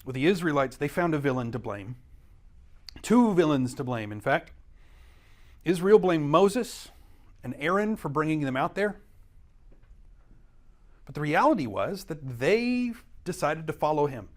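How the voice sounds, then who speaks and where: A man's voice: a little high, very animated, moderate pace, long pauses. Earnest man teaching a Bible study. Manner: earnest teaching, rising emphasis on key words; brief acted quotes of scripture figures. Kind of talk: church Bible study lesson. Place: church classroom.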